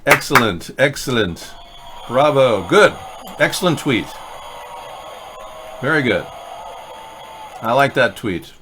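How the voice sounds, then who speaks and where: A man's voice: medium pitch, expressive, takes it slowly, pauses often, noisy background. A man hosting a casual live political video chat, reading viewer comments and tweets aloud with a sarcastic, rambling manner. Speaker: livestream political show host.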